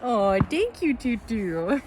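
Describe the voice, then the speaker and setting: Young woman cooing good boy at her horses, slow and high, faint barnyard sounds behind. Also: very animated, background noise. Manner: sweet baby-talk praise with frequent giggles. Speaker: vlogger. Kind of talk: casual vlog talk to her horses. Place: outdoors at a horse stable.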